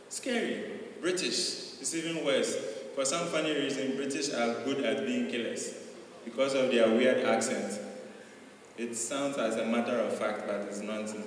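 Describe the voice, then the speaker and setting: A man's voice: mid-range voice, steady tone, normal speed. A man doing stand-up comedy with a loose, chatty delivery full of fillers. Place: live comedy venue. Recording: roomy hall, far from the mic, noisy.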